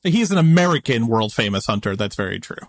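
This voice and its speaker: A man co-hosting a casual podcast, talking in an animated, emphatic way about a TV drama. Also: mid-range voice, fast, dry recording, studio quality. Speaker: podcast co-host. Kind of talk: casual chat discussing a TV drama.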